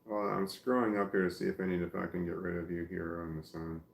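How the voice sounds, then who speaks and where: A man with a fairly low voice reads viewer comments aloud on his livestream and reacts to them, swearing freely and flaring into angry rants. The sound is roomy and echoey. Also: flat delivery, fast talker, vocal fry. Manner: swears a lot, flares into angry ranting. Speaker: livestream host reading chat. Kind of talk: casual livestream chat.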